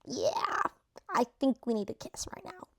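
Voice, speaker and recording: A woman's voice: sits high, wildly swooping pitch, measured pace, exaggerated voice. A woman acting out a pushy young man who keeps pressing for a kiss, in her own everyday voice.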